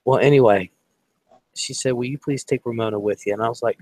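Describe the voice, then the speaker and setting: A man's voice: medium pitch, fairly quick, dry recording. A man from Ohio telling a rambling personal story in casual chat. He swears freely and acts out the voices of the people in it. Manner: animated, profane, acts out quoted voices.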